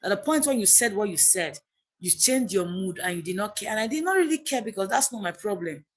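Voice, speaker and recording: A woman's voice: medium pitch, lively intonation, fairly quick, husky. A woman, hosting a livestream and emotionally retelling a personal story to her viewers, with many repeats and restarts. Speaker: livestream host.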